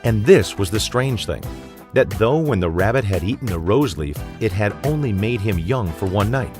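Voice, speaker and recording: Deep-voiced man reading a storybook. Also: lively intonation. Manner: measured, vivid narration. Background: background music.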